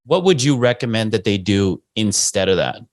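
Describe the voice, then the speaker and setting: A man's voice: on the low side, animated, moderate pace, no room sound. A man hosting a podcast, agreeing with his guest and asking follow-up questions. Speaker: podcast host. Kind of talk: casual podcast interview.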